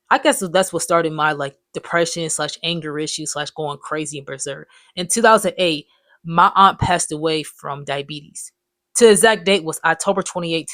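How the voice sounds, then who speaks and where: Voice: medium pitch, moderate pace, a bit bright, no echo. Rambling, cussing storyteller in their twenties. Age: 20s. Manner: rambling, profane, loose slangy talk. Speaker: vlogger telling life stories. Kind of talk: casual storytime monologue.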